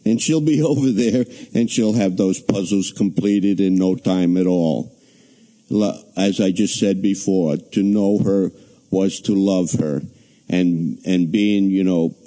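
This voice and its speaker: Slow, hesitant man giving a eulogy. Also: deep voice, dark tone, low-quality recording. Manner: hesitant, many fillers and restarts. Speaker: family member giving a eulogy. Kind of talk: halting funeral eulogy.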